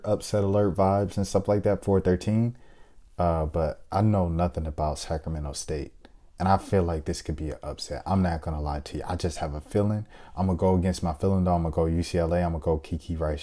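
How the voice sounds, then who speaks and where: A young man hosting a casual sports video, thinking out loud as he fills in a basketball bracket, with hesitant fillers and playful shout-outs. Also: low voice. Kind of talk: casual bracket-picking chat.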